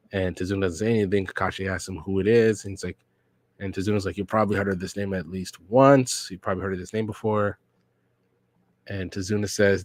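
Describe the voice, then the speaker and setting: Low-voiced man reading manga aloud, slangy. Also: dry recording. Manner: reads character lines aloud in a flat, slangy storytelling way. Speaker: podcast host reading manga. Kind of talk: casual read-along reaction.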